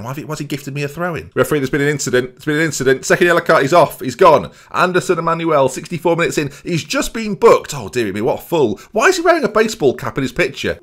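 A young man talks through a football management game at a quick clip. His pitch leaps up and down as he jokes, grumbles and speaks straight to his viewers, sarcastic and rambling throughout. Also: a bit bright. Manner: sarcastic, rambling, addresses viewers, silly voices. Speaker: gaming YouTuber. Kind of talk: comedic game commentary.

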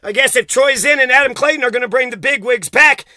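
A vlogger with a very high, sharp, piercing voice talks fast, unloading a heated, profane, accusatory rant straight at the camera and swearing constantly. The recording is close and completely dry, with no room sound around it at all.

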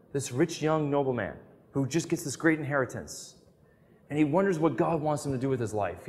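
Earnest man lecturing in a reverberant hall. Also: a little high. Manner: earnest storytelling, shifting between emphatic and hushed. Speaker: lecturer on scripture. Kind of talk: teaching lecture on scripture.

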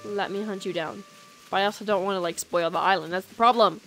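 A woman's voice: mid-range voice, steady tone, quick pace. A young woman live-streaming a game, chatting casually with viewers in a scattered way, full of fillers and laughs. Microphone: USB microphone. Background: soft lofi music.

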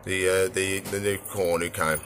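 A man's voice: deep voice, measured pace, a little hiss or hum. A man casually chatting while showing his pet animals and tanks, rambling along with lots of easygoing fillers. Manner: rambling, relaxed, many "so yeah" fillers. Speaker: exotic pet keeper and vlogger.

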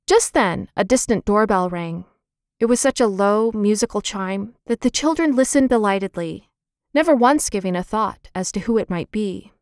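An audiobook narrator, a woman, reads a children's chapter book aloud from a script in a clear, gentle, expressive style. Her voice is medium-pitched at a moderate pace, and the studio recording is clean and dry.

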